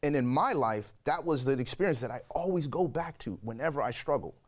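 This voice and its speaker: A man in his forties, a guest telling his own life story in an interview, lively and fond of acting out what people said. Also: medium pitch, a little fast. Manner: animated storyteller, acts out quoted voices. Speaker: guest sharing a conversion testimony.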